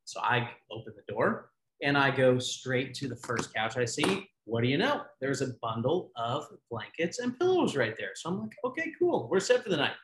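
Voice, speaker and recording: A man co-hosting a casual podcast, telling a story in an animated way. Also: mid-range voice, normal speed. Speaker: podcast co-host. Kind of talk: casual chat. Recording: roomy echo.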